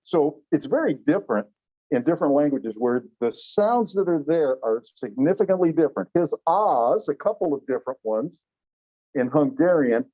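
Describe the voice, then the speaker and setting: A middle-aged man teaching a language class in a chatty, animated way, often asking the class questions. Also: on the high side, moderate pace, muffled recording. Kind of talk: classroom lecture.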